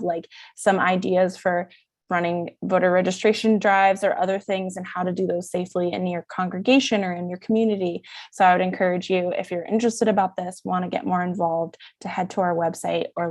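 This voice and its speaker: A woman's voice: on the low side, a little mellow, no echo. Female advocacy staffer, eager and talkative, dry video-call audio. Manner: eager, chatty, quick. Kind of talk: online panel discussion.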